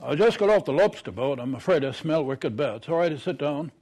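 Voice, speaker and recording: A man's voice: a little high, expressive, fairly quick, darkish tone. A man voicing a nervous young man who stutters, in a told story. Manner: stammering when nervous.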